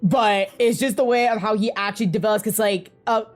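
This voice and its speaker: A woman's voice: medium pitch, steady tone, brisk, faint music behind. A woman co-hosting a casual fan discussion, talking in an emotional, gushing way and rambling with lots of fillers. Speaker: podcast co-host.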